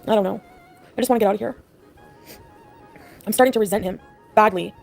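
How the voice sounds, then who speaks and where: A woman's voice: medium pitch, fast, creaky, darkish tone, faint music behind. A woman talking in a casual live chat, upset and rambling with lots of "like"s. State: distressed. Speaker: livestreamer.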